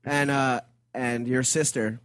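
A man's voice: mid-range voice, steady tone, takes it slowly, fairly bright tone, no echo, studio quality. A man co-hosting a podcast, teasing the host with sarcastic jokes in casual chat.

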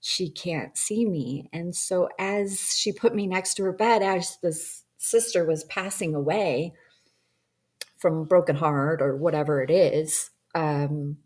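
A woman's voice: low voice, takes it slowly, darkish tone, husky. A woman recounting a personal experience in a rambling, reflective way, full of ums and you-knows. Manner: acts out quoted dialogue in shifting voices. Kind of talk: personal storytelling about a past-life regression session.

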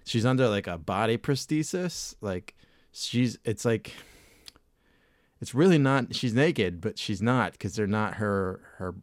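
A man's voice: fairly low pitch, animated, measured pace, no room sound, clean studio sound. A man hosting a podcast, talking in a rambling, laid-back way with casual swearing. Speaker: podcast host. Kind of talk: casual chat.

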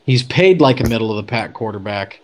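Man, casual storyteller, talks loosely with fillers, mid-pitched. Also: lively intonation, fairly quick. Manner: chatty, many fillers and restarts. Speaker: podcast guest telling a story.

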